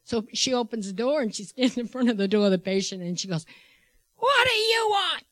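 A woman tells a personal faith story with animated expression. She breaks into laughter often and acts out the voices of the people in her story. Her voice is recorded close and dry, with no room echo. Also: medium pitch, fast. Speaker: healthcare worker.

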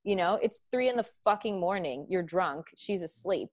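A woman's voice: fairly low pitch, lively intonation, normal speed. A young woman hosting a podcast, chatting casually and animatedly, swearing often and acting out quotes. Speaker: podcast host. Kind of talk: casual chat.

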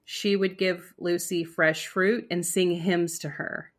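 A woman's voice: fairly low pitch, level tone, takes it slowly. A woman casually telling a spooky story on a podcast, rambling with fillers and restarts. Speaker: storyteller co-host.

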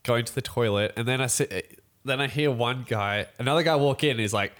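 A young man, telling a story in a casual podcast chat and acting out other people's voices as he goes. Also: medium pitch. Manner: animated storytelling, quick laughs, acts out voices.

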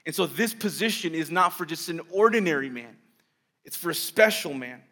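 Bright-voiced man preaching a sermon. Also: fairly high pitch, expressive, moderate pace. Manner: explanatory, asks the congregation rhetorical questions. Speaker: pastor.

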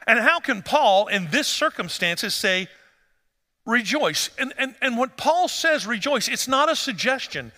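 A man preaching a sermon as pastor, conversational and storytelling, rising to animated emphasis. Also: very high-pitched, normal speed, hardly any pauses, big-room sound.

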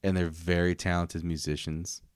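A man's voice: sits low, moderate pace, no echo, clean studio sound. A man hosting a podcast, chatting casually and rambling with plenty of fillers. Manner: relaxed, rambling with frequent fillers. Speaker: podcast host. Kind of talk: casual chat.

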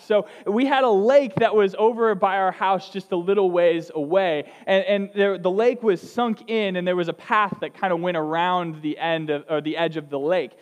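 A man's voice: high voice, smooth, lo-fi sound. A young man preaching a sermon as a student pastor, telling a story in a conversational way with frequent restarts. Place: church hall. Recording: long reverb of a large hall.

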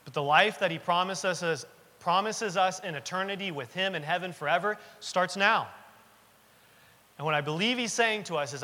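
Guy in his 30s preaching, kinda high voice, earnest and repeating himself for emphasis. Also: moderate pace, bright, forceful tone. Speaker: pastor. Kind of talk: sermon. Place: church sanctuary. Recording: long reverb of a church hall.

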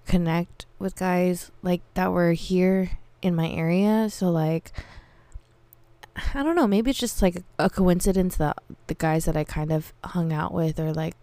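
A woman's voice: fairly low pitch, a little slow, no echo. A young woman hosting a podcast, casually telling a story with heavy swearing and frequent laughter. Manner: profane, animated, laughs often. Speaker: podcast host.

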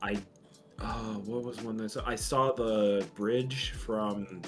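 A man in casual gaming chat, telling stories with loud acted-out reactions and frequent swearing. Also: fairly low pitch, slow, faint music behind. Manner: animated storyteller, swears, acts out reactions loudly.

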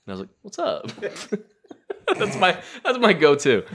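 A man's voice: sits high, a little slow, a little hiss or hum. A young man telling a story in casual podcast chat, filling his talk with "like" and acting out what people said. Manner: animated, full of "like", acts out quotes.

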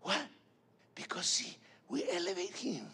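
High, bright-voiced fervent male preacher. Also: sing-song, measured pace, husky. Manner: fervent, repetitive call-and-response preaching. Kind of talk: sermon.

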